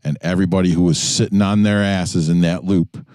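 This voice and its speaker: A man with a New York accent co-hosting a casual car podcast, griping in a laid-back, deadpan way. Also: low-pitched, a little fast, no room sound, studio quality. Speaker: podcast co-host. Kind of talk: casual profane banter in a car. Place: inside a jeep.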